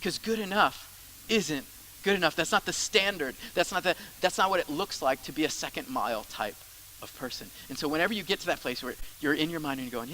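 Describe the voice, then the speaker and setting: A man's voice: on the high side, brisk, bright, forceful tone, slight background noise, rough recording. A man preaching a sermon as the church's pastor, in a conversational style with asides and repeated phrases.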